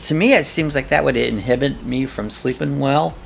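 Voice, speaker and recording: A man's voice: medium pitch, normal speed, gravelly, slight background noise. A man hosting a casual live chat, reading viewer comments aloud in an easygoing, rambling way. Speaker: host.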